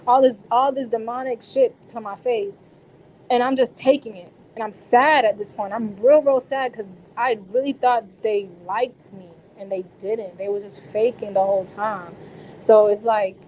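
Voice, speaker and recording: A woman's voice: a little high, steady tone, normal speed, a little mellow, a little hiss or hum, low-quality recording. Woman telling a story in casual slang. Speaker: interviewee. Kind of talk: personal account in an interview.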